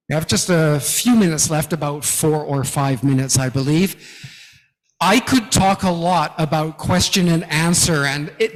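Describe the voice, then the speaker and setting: A man giving a guest lecture to academics, teaching slowly and emphatically and often checking in with "okay?". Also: fairly high pitch. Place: large lecture hall. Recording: long hall reverb.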